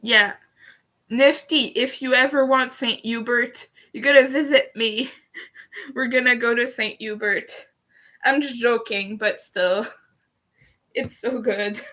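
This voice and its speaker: A young woman chatting casually on a livestream, giggly, with occasional vocal fry. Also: on the high side, fairly even intonation, slow, long pauses, sharp tone. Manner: chatty and giggly, laughs often. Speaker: streamer.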